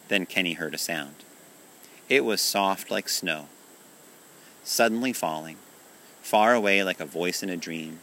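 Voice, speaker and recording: A man reading a children's story aloud in a calm, gentle, measured way. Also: sits low, slight background noise.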